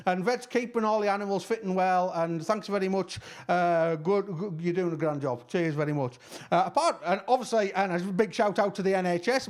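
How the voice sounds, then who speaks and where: A man with a Cumbrian accent, chatting casually as he reads out shout-outs, rambling and using broad dialect words, his voice a bit worn. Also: high voice. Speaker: musician giving shout-outs. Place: at home.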